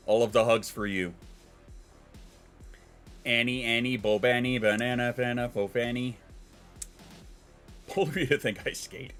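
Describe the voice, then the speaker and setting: A man's voice: lowish voice, fairly bright tone. A man hosting a casual livestream, rambling and joking with plenty of profanity. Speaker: livestream host.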